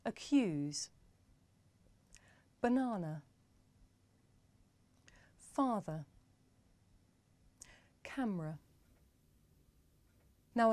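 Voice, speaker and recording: A woman's voice: mid-range voice, dark tone, dry recording. Young woman teaching sounds, careful and playful, bouncy voice, dry close sound. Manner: clear, deliberate, playful teaching delivery. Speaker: English pronunciation teacher. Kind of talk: scripted lesson presentation.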